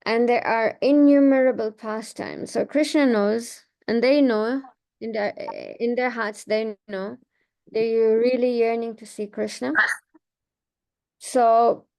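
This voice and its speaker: A woman giving a devotional class, telling temple stories in a gentle, meandering way with frequent restarts. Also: fairly high pitch, steady tone, slow, vocal fry. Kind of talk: informal devotional talk with slides.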